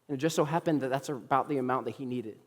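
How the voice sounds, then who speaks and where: A man's voice: medium pitch, very fast. A young adult man, a young adults pastor, preaching a sermon as a story with humorous asides and acted-out dialogue. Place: church sanctuary. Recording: long hall reverb.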